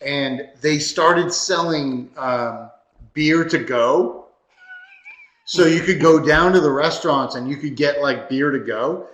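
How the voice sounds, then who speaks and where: A man's voice: on the high side, takes it slowly, roomy sound. A man co-hosting a podcast, telling anecdotes in a casual chat and laughing as he goes. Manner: animated storyteller who laughs through his anecdotes. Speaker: podcast co-host.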